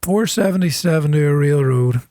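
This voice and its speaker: A middle-aged Northern Irish man with a softened accent, chatting casually and thinking aloud with plenty of ums as he commentates his own farming game. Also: a little high, normal speed, no echo. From Northern Ireland. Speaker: gaming channel host.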